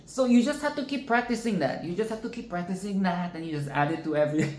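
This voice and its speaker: A fast-talking woman with a fairly low, slightly mellow voice runs a laid-back singing class. Her talk is chatty and self-interrupting, punctuated by over-the-top vocal demonstrations, and the room around her echoes.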